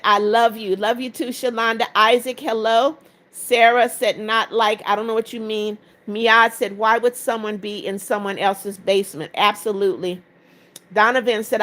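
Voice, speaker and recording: A tired woman in her seventies runs a live stream with a slightly high voice. She reads out each viewer comment in turn and gives it a short, plain answer. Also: a bit bright. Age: 70s. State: tired after two hours of talking. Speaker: livestream host.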